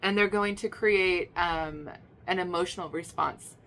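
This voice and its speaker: A woman's voice: fairly low pitch, measured pace, a little hiss or hum. A woman giving a casual spoken tarot reading in a chatty, emphatic way, repeating herself, with many fillers and restarts. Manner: emphatic, swings to loud excited bursts. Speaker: tarot reader.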